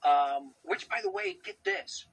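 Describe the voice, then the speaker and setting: A man's voice: very high-pitched, wildly swooping pitch, unhurried, gravelly, a bit bright, low-quality recording. A man from the United States co-hosting a podcast from Australia, rambling enthusiastically with many fillers. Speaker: podcast co-host. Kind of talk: casual chat. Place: home in Australia.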